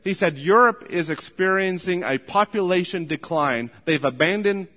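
A male pastor preaches with earnest emphasis, often stumbling into quick restarts as he pushes a point. His voice sits a little higher than most men's. It rings out with a long reverb, as if he were filmed in a large hall. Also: animated, sharp tone. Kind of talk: sermon.

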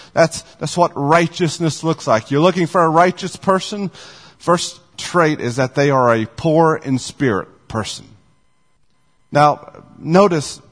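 A man preaching a sermon as pastor, earnest and repetitive, slowing down to stress the lines he quotes. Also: on the high side, fairly bright tone, in a large hall.

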